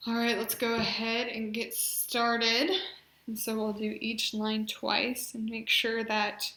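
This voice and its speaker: A young woman leading a speech exercise class, encouraging and modeling loud, drawn-out vowels and short phrases. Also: on the high side, monotone, reverberant. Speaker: speech therapy exercise leader.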